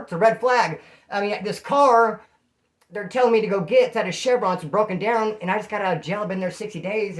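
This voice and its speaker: A man casually recounting his own story, with lots of slang, acting out other people's voices as he goes. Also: high-pitched. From California. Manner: animated, slangy, acts out quoted voices.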